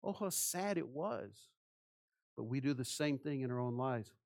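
A man preaching a sermon with passion, asking rhetorical questions and swinging between soft, hushed phrases and loud ones. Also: mid-range voice, lively intonation, a little slow, gravelly. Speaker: pastor.

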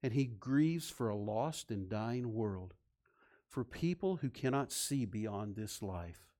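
A man preaching a sermon, swinging from loud, emphatic points to soft, low passages. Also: animated, slow pace. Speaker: pastor.

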